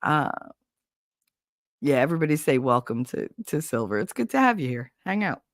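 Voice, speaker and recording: A woman's voice: extremely low pitch, very animated, moderate pace, no room sound, studio quality. A woman hosting a live stream, chatting casually and profanely with her viewers, acting out quoted lines in exaggerated voices. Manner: profane, wisecracking, acts out quotes in big voices. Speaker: livestream host.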